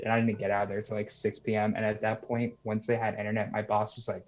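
A man's voice: lowish voice, flat delivery, fairly quick, few pauses, darkish tone. A young man calling in to tell a story in a casual, rambling way, full of "like" and "you know". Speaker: caller sharing a story. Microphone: video call. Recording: muffled lo-fi call audio.

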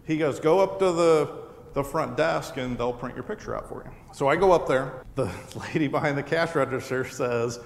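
A man hosting a live show, telling a funny personal story to an audience with laughter in his voice. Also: fairly high pitch. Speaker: podcast host. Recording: echoey hall with a live audience.

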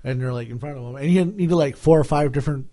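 A man's voice: mid-range voice, fast, warm tone. A man chatting casually, scattered and full of fillers. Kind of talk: casual chat.

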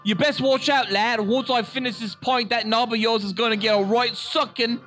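A man's voice: very high-pitched, fairly even intonation, sharp tone, faint music behind, pitched above the performer's own voice. A man voicing a boozy British pub lad in a put-on British accent, stretching out the lines. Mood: hamming. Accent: put-on British, drifting. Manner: exaggerated, drawn-out delivery.

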